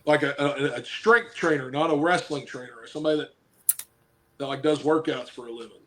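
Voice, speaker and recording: A man's voice: on the high side, brisk, a little hiss or hum. A man who wrestles professionally and coaches football, chatting casually on a podcast, rambling and joking while he hands out blunt advice.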